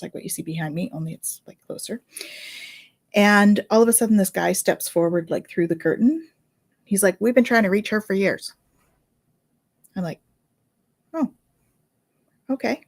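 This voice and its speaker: Chatty woman telling a story. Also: fairly low pitch. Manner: chatty, animated, with fillers and laughs. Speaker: Reiki healer and medium telling a story. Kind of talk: casual storytelling.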